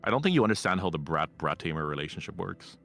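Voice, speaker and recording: Cocky man, bright voice. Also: low-pitched, big pitch swings, fast talker, creaky, soft background music. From Ireland. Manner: cocky, teasing storyteller. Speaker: collab guest streamer. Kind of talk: casual chat.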